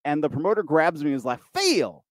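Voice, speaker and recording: A man's voice: fairly high pitch, animated, rapid-fire, darkish tone, no room sound, studio quality. Rambling man recounting wrestling days. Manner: rambling, restarts, voices others in quotes. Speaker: podcast host, wrestling commentator. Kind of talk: casual storytelling chat.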